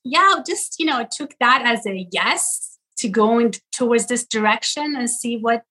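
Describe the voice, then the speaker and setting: A woman in her forties from Iran, chatting as an interview guest, animated and quick to laugh while telling stories. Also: fairly high pitch, poor audio. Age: 40s. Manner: animated storytelling, laughs often, many fillers. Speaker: guest, content creator. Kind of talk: casual interview chat.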